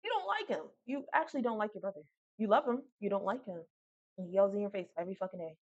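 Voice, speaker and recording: A woman's voice: mid-range voice, animated, quick pace, no room sound, dull audio. A woman giving a casual spoken reading, blunt and profane, talking frankly to the listener. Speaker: tarot reader.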